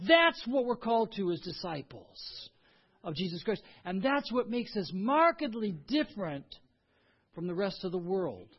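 Earnest male pastor, higher voice, preaching in swells from hushed to emphatic. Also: very animated, moderate pace, husky. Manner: earnest, swings between quiet lows and emphatic rises. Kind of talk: sermon. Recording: dull lo-fi sound.

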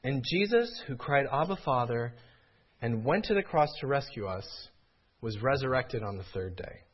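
A man delivering a sermon in a slightly husky voice whose pitch swings widely as he preaches. His manner is earnest, building to pleading cries. The recording sounds dull and a little lo-fi. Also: lively intonation, normal speed. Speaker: pastor.

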